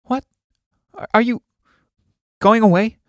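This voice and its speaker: A man's voice: fairly high pitch, lively intonation, moderate pace, no room sound, clean studio sound. Man voicing Judith, an impetuous young woman. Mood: urgent.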